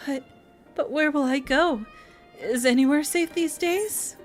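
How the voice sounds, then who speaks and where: A woman's voice: high-pitched, a little slow, faint music behind, voice pushed up. A woman voicing an anxious, indignant young villager in a fantasy game, speaking in an agitated, fretful way.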